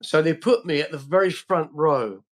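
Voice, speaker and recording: A man's voice: fairly high pitch, normal speed. An older man from England, a podcast guest telling rambling anecdotes in a casual way, full of restarts and fillers.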